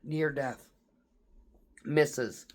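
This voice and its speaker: A woman's voice: sits low, very slow, darkish tone. A woman military veteran telling stories from her tours in a blunt, profane, casual way, laughing through tense memories. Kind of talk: casual storytelling.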